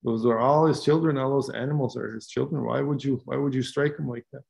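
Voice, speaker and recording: A man voicing a calm, wise spirit figure who firmly admonishes a hunter. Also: mid-range voice, brisk, vocal fry, husky. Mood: admonishing. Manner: firm, admonishing.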